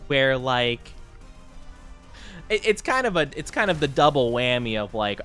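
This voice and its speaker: A young man chatting casually on a live stream, rambling and self-deprecating, often jumping into high squeals. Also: big pitch swings, unhurried, fairly bright tone, faint music behind.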